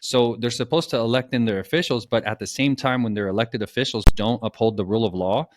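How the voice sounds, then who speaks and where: A man at mid pitch co-hosts a casual podcast. He sounds loose and incredulous, drops in dude and bro, and laughs often. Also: quick pace, noisy background. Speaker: podcast co-host.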